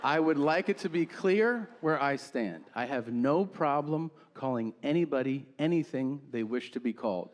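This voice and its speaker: A man's voice: medium pitch, animated, normal speed, few pauses, in a large hall, slight background noise. A man doing stand-up comedy, telling profane, exaggerated stories on stage.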